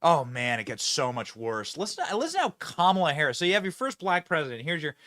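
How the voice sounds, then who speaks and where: A man's voice: a little high, big pitch swings, brisk, pushed and bright. A male host giving mocking, sarcastic political commentary.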